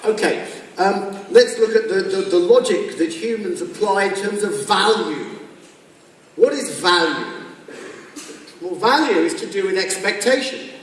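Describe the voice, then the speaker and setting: High-voiced man joking through a talk. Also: lively intonation, a little slow. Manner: jokey, acts out little scenes with quoted voices. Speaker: keynote speaker. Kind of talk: humorous business talk. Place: large conference hall. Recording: echoey hall from far off.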